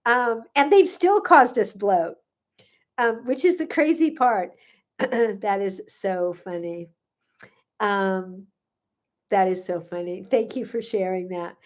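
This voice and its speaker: A woman's voice: medium pitch, expressive, takes it slowly, long pauses. An older woman, a gut health coach, chatting casually on a live stream, answering viewer questions with frequent fillers and laughter.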